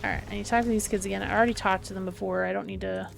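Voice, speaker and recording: Gravelly-voiced woman streamer thinking aloud. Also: medium pitch, steady tone, very fast, music in the background. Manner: chatty, thinks aloud, reads game dialogue aloud. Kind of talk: live gameplay commentary.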